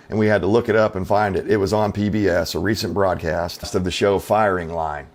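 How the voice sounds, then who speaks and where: Middle-aged guy ranting on his channel, lowish voice, folksy and skeptical, lots of uh and you know. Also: fairly even intonation, a little fast, hardly any pauses. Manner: folksy, skeptical, rhetorical asides with fillers. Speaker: channel host. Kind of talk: opinionated commentary to camera.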